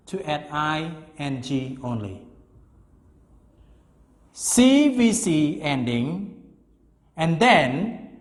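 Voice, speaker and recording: A man in his fifties teaching an English grammar lesson, speaking slowly and emphatically and repeating key words. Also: high voice, big-room sound.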